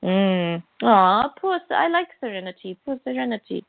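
A woman's voice: medium pitch, sing-song, moderate pace, creaky, dry recording. Chatty woman over a tinny line. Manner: chatty, quotes herself with "I'm like". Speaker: podcast co-host. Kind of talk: casual chat about comics. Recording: tinny phone-like line, dry.

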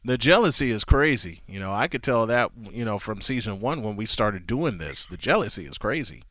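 Agreeable male co-host, bright tone. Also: fairly low pitch, animated, a little fast, no echo. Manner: agreeable short replies. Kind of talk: casual chat.

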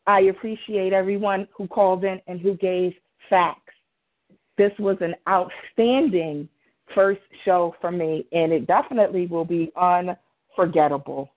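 A woman hosts a live call-in radio program and speaks in a formal, measured way as she tries to keep order. Her voice comes through narrow and phone-like. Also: lowish voice, steady tone. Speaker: radio call-in show host. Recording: narrow phone-line sound.

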